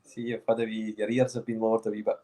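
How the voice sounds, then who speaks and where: A man's voice: fairly low pitch, little pitch movement, fast talker, dark tone, low-quality recording. A man with a Scottish accent chatting on a podcast, dry and joking in a laid-back way. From Scotland. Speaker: podcast co-host, former footballer. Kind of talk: casual chat.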